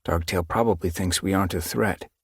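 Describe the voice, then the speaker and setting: A man's voice: deep voice, fairly quick, vocal fry, slightly rough, no room sound, heavily acted. A man voicing a young male warrior cat, somber and loyal, with a dry, grave delivery in an audiobook.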